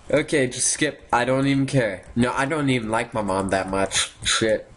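A young man giving casual, sarcastic commentary while playing a game, swearing often and reacting out loud. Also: medium pitch, moderate pace, hardly any pauses, slight background noise. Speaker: gaming YouTuber. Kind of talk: casual let's-play commentary.

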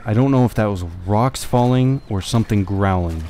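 A man's voice: on the low side, normal speed, dark tone, a little hiss or hum. A young man casually commenting on a horror game as he plays, swearing and talking to himself. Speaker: let's play gamer.

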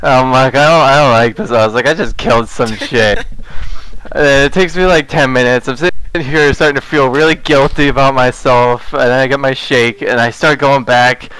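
A man's voice: mid-range voice, moderate pace, a bit bright, clean tone, dry recording, low-quality recording. A man casually telling a rambling, profane story to friends, laughing through it.

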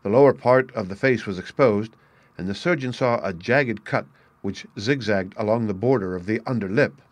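Low-voiced male story narrator. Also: normal speed, no echo.

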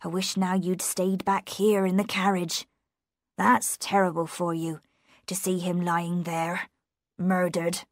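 A woman reading a rough kindly coachman. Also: on the low side, slow, no room sound, clean studio sound. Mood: soothing. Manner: soothing, steady.

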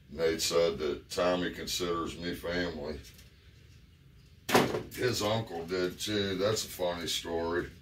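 A man's voice: low-pitched, noisy background. A man telling a personal story in a laid-back, profane, rambling way. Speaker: vlogger. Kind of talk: casual storytelling.

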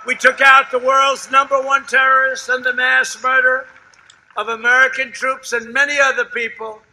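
An older man addresses a rally in a very bright, brassy voice that sits fairly high for a man. He brags and repeats himself, rambling from point to point. He swings from shouted lines to low, confiding asides. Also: flat delivery, moderate pace, slight background noise, rough recording. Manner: boastful, rambling, repetitive, shifts between loud shouting and hushed asides. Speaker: politician at a campaign rally. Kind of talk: rally speech. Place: outdoor rally before a large crowd.

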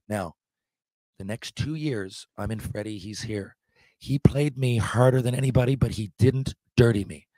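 A man's voice: medium pitch, normal speed, dark tone, no echo. A man in his forties, a podcast guest, telling rambling, profanity-laced anecdotes in a casual way. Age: 40s. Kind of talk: casual storytelling.

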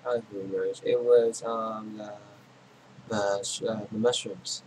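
A man narrating his own video game play in a casual, rambling way, talking to himself, his voice a little hoarse. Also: fairly low pitch, flat delivery, unhurried, darkish tone, a little hiss or hum, poor audio. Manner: rambling, talks to himself while playing. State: losing his voice. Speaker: gaming channel host. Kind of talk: casual gameplay commentary.

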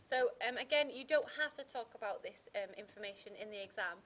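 A woman teacher, talking through a poem in a casual revision chat, pausing often with ums and restarting her sentences. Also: mid-range voice, fairly bright tone, a little hiss or hum. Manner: hesitant, many fillers and restarts.

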